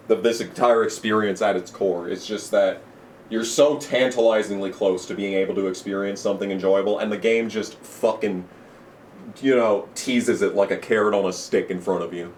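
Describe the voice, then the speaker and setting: A man commentating his own racing video game play, cursing freely and swinging from excited shouting to frustrated ranting. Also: low-pitched, normal speed, slight background noise. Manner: excitable, profane, shouts during the race; grumbling, frustrated rant. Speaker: gaming YouTuber. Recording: roomy echo, distant from the mic.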